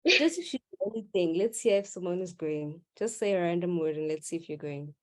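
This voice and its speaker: A woman's voice: lowish voice, lively intonation, a little fast. A woman teaching maths in a live online class, playful and teasing with her students. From South Africa.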